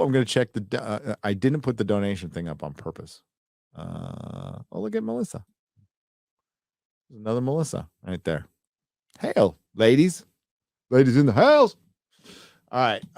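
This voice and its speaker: A man's voice: on the low side, creaky, a little mellow, dry recording, studio quality. A man hosting a casual livestream, rambling loosely and swearing as he reads out viewer donations. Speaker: livestream host.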